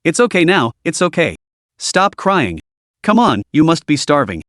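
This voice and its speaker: A man voicing a gruff, protective special forces instructor who talks bluntly and scolds. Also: fairly high pitch, sing-song, normal speed, fairly bright tone, dry recording, studio quality. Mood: soothing.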